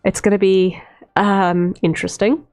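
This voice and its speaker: A woman's voice: medium pitch, flat delivery, darkish tone. A woman streamer chatting casually while drawing, rambling with lots of "um" fillers. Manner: unhurried, rambling, many "um" fillers. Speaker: streamer, VTuber artist. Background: faint stream music.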